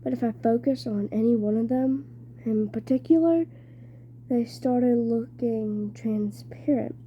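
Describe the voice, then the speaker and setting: A woman reading a novel aloud, slowly and with frequent stumbles and restarts. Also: a little high, muffled recording, a little hiss or hum. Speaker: reader.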